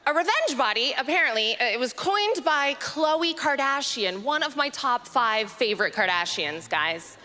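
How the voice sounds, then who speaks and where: Bright, high-voiced woman doing stand-up. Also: lively intonation, slight background noise. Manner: dry, quick-witted punchline delivery. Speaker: stand-up comedian. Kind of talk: stand-up comedy set. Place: comedy festival stage.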